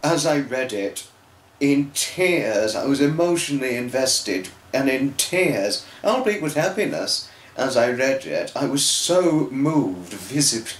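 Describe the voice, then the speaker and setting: A man's voice: medium pitch, very animated, unhurried, reverberant, low-quality recording. A young man talking earnestly and tearfully in a rambling personal vlog, with many restarts. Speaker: fan vlogger.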